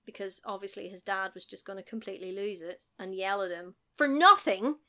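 A woman's voice: medium pitch, little pitch movement, fast, fairly bright tone. A woman in casual chat, rambling through a film recap and acting out the lines she quotes. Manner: rambling, laughs often, acts out quotes.

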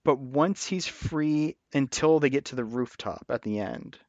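A man's voice: medium pitch, a little slow, a little mellow, no room sound. A man co-hosting a casual film review chat, animatedly retelling scenes. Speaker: podcast co-host. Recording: dull, dry lo-fi audio.

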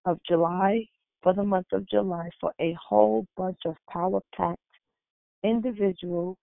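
Woman host on a prayer call, formal and steady, gravelly, thin phone-line sound. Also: on the low side, no echo. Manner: measured, formal, reads an order of service. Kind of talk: scripted announcements. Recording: dry tinny phone line.

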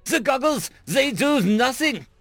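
A man voicing a deranged, mocking ancient ship AI that blurts odd catchphrases in a shrill singsong. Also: expressive, a little slow, fairly bright tone, no room sound, soft background music, full character voice. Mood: manic.

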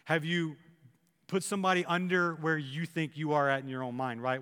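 A man preaching a sermon as pastor, animated and acting out the imagined thoughts of his listeners. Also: on the high side, brisk, big-room sound.

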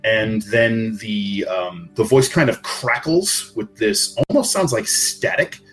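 A man narrating a tabletop game as game master, unhurried and searching for words with many fillers. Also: fairly low pitch, expressive, fairly bright tone, faint music behind.

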